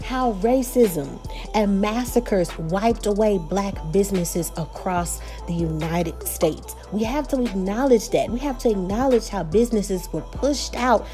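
A woman's voice: mid-range voice, animated, a little slow, mellow, faint music behind. A woman with a Texas accent recapping and reviewing a reality show, chatty and opinionated, talking straight to her viewers. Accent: Texan.

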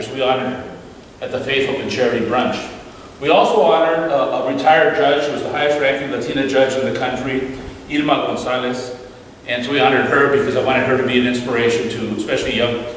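A man giving an animated storytelling talk as a guest speaker at a church, acting out the voices in his stories. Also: mid-range voice, brisk, a little hiss or hum. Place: church hall. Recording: echoey hall from far off, faint ambience.

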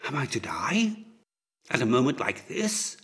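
A man's voice: medium pitch, animated, takes it slowly, creaky, breathy edge, voice pushed up, exaggerated voice. A man reading an audiobook, voicing a dying young prince who speaks in a weak, barely audible whisper. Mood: faint, pleading. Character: dying young male prince, faint and pleading.

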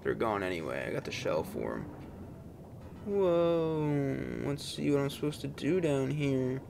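A man's voice: mid-range voice, huge pitch swings, brisk, gravelly, noisy background. A young man hosting a let's-play, muttering, exclaiming and swearing at the game as he plays, with faint game music behind him. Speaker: gaming channel host. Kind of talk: casual let's-play commentary.

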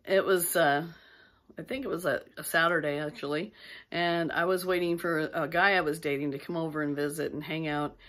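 A woman's voice: low voice, fairly even intonation, normal speed, fairly bright tone. A middle-aged woman casually telling a personal ghost story to her viewers, rambling and interrupting herself as she goes. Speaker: vlogger.

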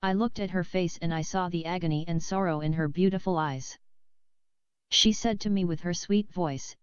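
A woman reading a novel aloud in a measured, steady way, close to the mic, on a slightly dull lo-fi recording. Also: lowish voice, clear, resonant tone, no room sound. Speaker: audiobook reader.

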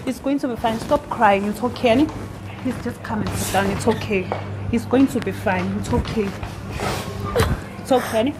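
A woman's voice: a little high, normal speed, long pauses, over music, rough recording. A woman playing a waiter, soothing and repeating reassurances in a scripted skit.

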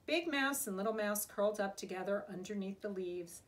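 A woman's voice: mid-range voice, a little fast, few pauses, a little hiss or hum. A woman, a preschool teacher, reading a picture book aloud to young children in a sing-song storytime manner.

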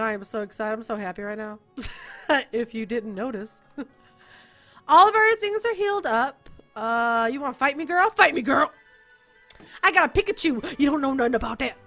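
A young woman giving excited let's-play commentary, giggling often and jumping from loud squeals to quiet mumbles. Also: high-pitched. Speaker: gaming YouTuber.

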